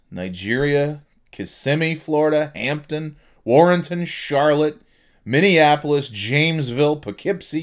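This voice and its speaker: Slow-talking jokey man. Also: medium pitch. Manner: reads out listener cities, jokey, tries silly accents. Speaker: podcast host. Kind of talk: casual solo podcast chat.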